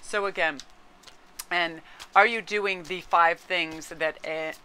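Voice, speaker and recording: A woman's voice: fairly low pitch, fairly even intonation, slow pace, sharp tone, a little hiss or hum. A woman giving a casual tarot reading, chatting with her viewers and aside to her cat. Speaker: tarot card reader.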